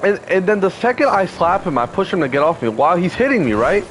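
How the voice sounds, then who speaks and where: Young man in his 20s, upset and heated, swears a lot, voice a bit high and swinging widely, faint traffic behind. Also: very animated, quick pace, rough recording. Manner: heated, profane, repetitive fillers. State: upset, close to tears. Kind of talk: emotional personal storytelling.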